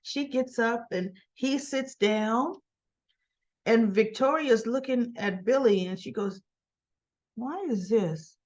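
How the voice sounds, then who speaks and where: A woman's voice: fairly high pitch, slow, muffled recording. Chatty woman recapping soap scenes. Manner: chatty, retells scenes with paraphrased dialogue. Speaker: soap opera recap vlogger.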